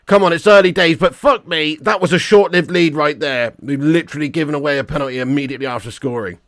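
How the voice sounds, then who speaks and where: A man hosting a live football watch-along, reacting loudly, swearing often and chatting with viewers in the chat. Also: a little high, fast, no room sound, clean studio sound. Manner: swears a lot, excitable, chats to viewers.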